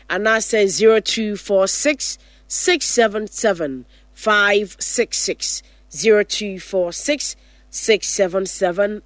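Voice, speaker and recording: A woman hosting a call-in radio show in a studio, briskly taking calls and reading out phone numbers slowly. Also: mid-range voice, no echo.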